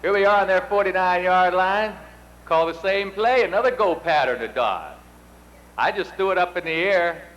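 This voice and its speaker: A man's voice: high voice, moderate pace, a bit bright, muffled recording. Folksy middle-aged man giving a speech. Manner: folksy, anecdotal, self-deprecating. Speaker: induction ceremony presenter. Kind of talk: speech with storytelling.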